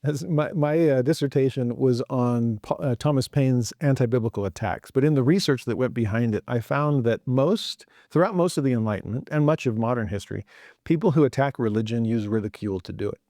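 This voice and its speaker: A man hosting a scripture lesson as casual commentary, humorous and animated, often slipping into joking voices. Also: medium pitch, fairly quick, no room sound, studio quality. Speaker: scripture teacher and podcast host.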